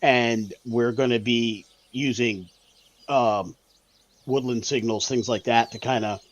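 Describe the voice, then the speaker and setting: A man's voice: medium pitch, fairly even intonation, takes it slowly, muffled recording. A man playing a tabletop game, explaining a plan step by step. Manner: methodical, explains plans step by step. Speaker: player.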